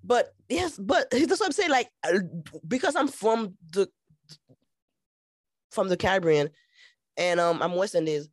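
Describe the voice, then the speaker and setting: A woman's voice: medium pitch, animated, dry recording. Frank, laughing woman from Haiti. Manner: frank, laughs often, halting restarts. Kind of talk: casual chat.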